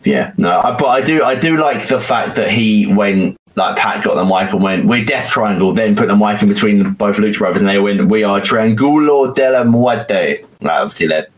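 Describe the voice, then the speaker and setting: A British man co-hosting a wrestling podcast in casual chat, animated and rambling with fillers. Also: fairly low pitch, a little fast, hardly any pauses, poor audio. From United Kingdom. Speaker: podcast co-host.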